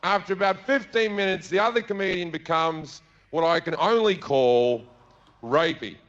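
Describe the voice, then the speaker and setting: A man's voice: a little high, dull audio, slight background noise. Australian man telling a stand-up story. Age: 30s. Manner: acts out characters in quick bursts, shouts and mutters. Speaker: stand-up comedian. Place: theater stage before an audience.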